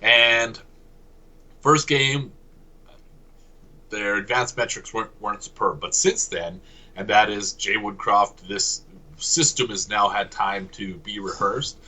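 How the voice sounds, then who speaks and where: Man, podcast co-host, casual sports chat, husky, sharp-toned, analytical. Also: on the low side, slow pace, long pauses, rough recording. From Canada. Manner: analytical, corrects himself mid-sentence.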